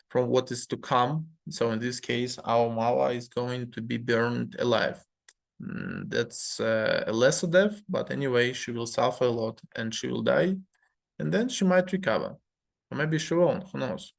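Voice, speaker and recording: A man reading a story game aloud in a measured way, adding his own commentary with fillers. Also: mid-range voice, gravelly.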